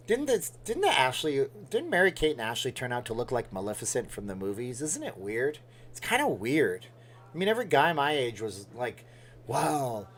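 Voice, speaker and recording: A man hosting a casual livestream, rambling and joking as he reads out viewer comments. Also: mid-range voice. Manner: rambling, jokey, responds to chat. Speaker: livestream host. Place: Las Vegas.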